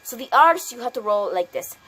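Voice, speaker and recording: A woman's voice: on the high side, very animated, brisk, very noisy. Chatty woman giving a playful lesson. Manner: chatty, filler-heavy, repeats herself. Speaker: mock Spanish teacher. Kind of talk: playful home video lesson.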